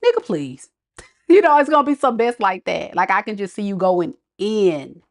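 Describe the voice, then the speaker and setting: A woman's voice: mid-range voice, expressive, normal speed. A woman giving a casual tarot reading, chatty, blunt and sassy with her viewers. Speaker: tarot reader.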